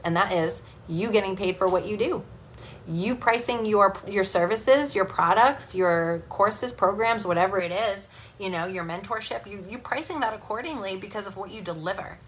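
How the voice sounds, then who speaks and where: A woman business coach gives a live motivational talk that doubles as a sales pitch. She speaks directly, with energetic tough-love encouragement, and there's a little hiss or hum in the audio.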